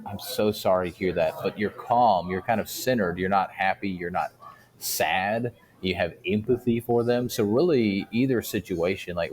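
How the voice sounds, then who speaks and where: Male guest, low voice, calm and explanatory, casual interview. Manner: calm, explanatory, uses everyday examples. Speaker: guest speaker.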